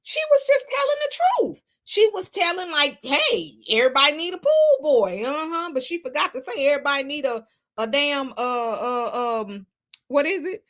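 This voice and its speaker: A woman hosting a casual gossip livestream, sassy and animated, laughing often as she reads the chat. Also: high-pitched, normal speed. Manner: sassy, animated, laughs a lot, Southern Black American slang. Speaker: livestream host reading chat.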